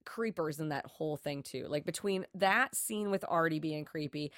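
A woman with a fairly low voice chats about a film on a podcast, animated and quick to jump in. Her speech is full of "like" fillers, and the close recording sounds dry. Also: no echo. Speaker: podcast co-host. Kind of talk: casual film discussion.

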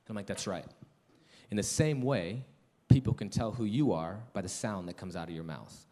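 A middle-aged man preaching a sermon as pastor, dropping to hushed, slow lines and then rising into loud, excited storytelling. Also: fairly low pitch.

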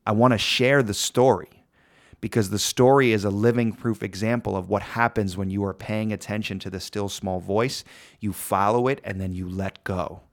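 A man's voice: lowish voice, fairly even intonation, normal speed. A man hosting a reflective solo podcast, talking earnestly and repeating phrases for emphasis. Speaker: podcast host.

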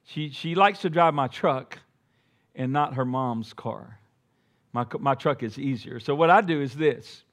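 A middle-aged man preaching a sermon to a church congregation, talking conversationally and swelling to loud, emphatic peaks, with joking asides. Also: mid-range voice, unhurried. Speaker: pastor. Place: church sanctuary before a congregation.

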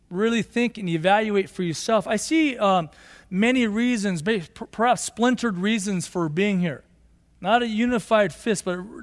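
A male pastor preaching a sermon in a church, earnest and halting, often restarting his sentences. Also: high-pitched, long reverb tail. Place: church sanctuary.

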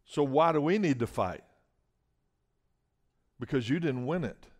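A man's voice: mid-range voice, animated, a little slow, darkish tone. A man preaching a sermon as a guest speaker. He talks emphatically, often repeats words and asks the room for an "Amen?".

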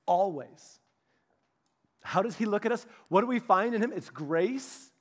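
A man pastor giving a casual, storytelling sermon, chatty and animated, speaking directly to his congregation. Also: sits high, a little slow. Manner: chatty, animated, many restarts and asides.

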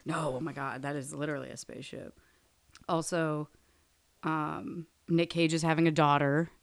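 A woman's voice: deep voice, little pitch movement, moderate pace, no room sound. A woman in her late twenties co-hosting a podcast, chatty and self-deprecating. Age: 20s. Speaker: podcast co-host. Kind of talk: casual chat.

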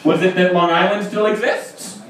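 A man's voice: high-pitched, steady tone, normal speed, noisy background. A young man doing a wry, self-deprecating stand-up set with crowd work on a live stage. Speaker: stand-up comedian guest. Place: comedy stage, live audience. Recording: roomy live venue with crowd from mic distance. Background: audience laughter.

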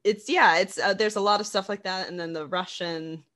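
A woman's voice: mid-range voice, fairly even intonation, moderate pace, fairly bright tone. A woman talking casually and animatedly about a stage production, laughing often and restarting her sentences, with lots of fillers. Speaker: theater practitioner discussing a production. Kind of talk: casual conversation about a play.

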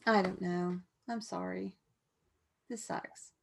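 A woman guest telling a personal story in a frank, halting way, with many restarts and asides. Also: on the low side, steady tone, creaky, slight background noise.

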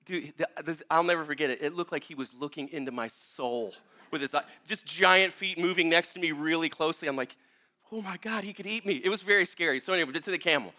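A male pastor preaching a sermon in a casual, animated way, laughing as he tells a story and talking with many fillers. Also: on the high side, fast.

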